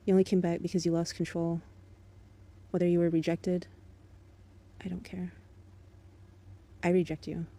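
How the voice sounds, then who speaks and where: A woman's voice: fairly low pitch, little pitch movement, brisk, warm tone. A woman in an angry, profane monologue aimed at an ex-partner, bitter and contemptuous but controlled. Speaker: vlogger.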